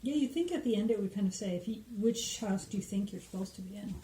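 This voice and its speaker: A woman co-hosting a podcast, soft-spoken, answering with short agreements. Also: mid-range voice, fast talker, a little hiss or hum. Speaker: podcast co-host. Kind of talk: casual chat. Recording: roomy echo.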